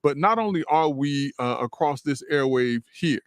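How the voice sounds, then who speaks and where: A man's voice: fairly high pitch, animated, normal speed, no echo, studio quality. Earnest male radio co-host. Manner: earnest, stumbling restarts, lists points in repeated phrases. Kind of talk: casual radio talk. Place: radio studio.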